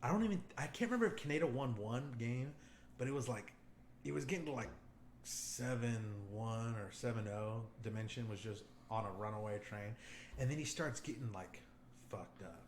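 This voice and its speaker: A young man chats casually on a podcast, telling a story with lots of swearing and acted-out quotes. His voice sits at a middle pitch. The room is echoey, with a faint hum of noise behind him. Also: normal speed. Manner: profane, animated storyteller acting out quotes. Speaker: podcast host. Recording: roomy echo, faint background noise.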